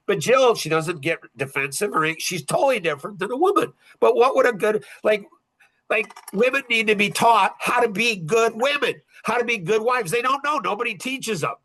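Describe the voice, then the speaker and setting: Middle-aged guy rambling on his podcast, high bright voice, blunt, keeps repeating himself. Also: expressive, brisk. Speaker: podcast host. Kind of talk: casual podcast talk.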